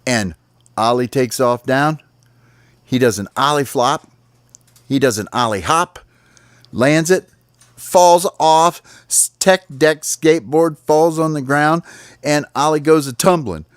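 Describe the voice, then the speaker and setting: A father telling a bedtime story in an animated way, adding sound effects and sighs. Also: fairly high pitch, takes it slowly, clear, resonant tone, dry recording, studio quality.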